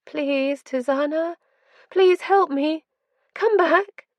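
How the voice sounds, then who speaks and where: A woman's voice: high voice, slow, dry recording, dull audio, voice pushed up. A woman voicing a ghostly mother figure who pleads tearfully with her daughter in an audiobook. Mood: pleading. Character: ghostly pleading mother, grief-stricken apparition.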